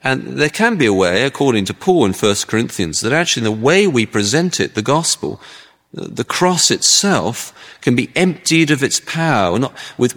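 A male preacher delivers a sermon conversationally. He tells lively stories, and his pitch rises and falls widely. The voice sits mid-range, and a long reverb rings around it as in a large hall. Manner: conversational, animated storytelling with acted-out voices.

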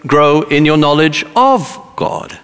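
A man's voice: fairly high pitch, animated, takes it slowly, a bit bright, smooth, in a large hall. A man preaching a sermon emphatically, repeating words for stress.

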